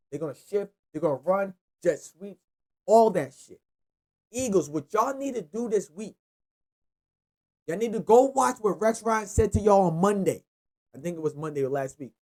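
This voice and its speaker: Loose, profane sports-picks host. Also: male voice, sits high. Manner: loose, profane, rambling, lively. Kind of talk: casual sports picks monologue.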